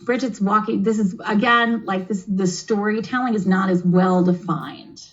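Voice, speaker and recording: A woman's voice: mid-range voice, fairly even intonation, normal speed, highs cut off. A woman on a video call, explaining and running a kids' tabletop game demo in an encouraging, teacherly, chatty way. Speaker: game master and presenter.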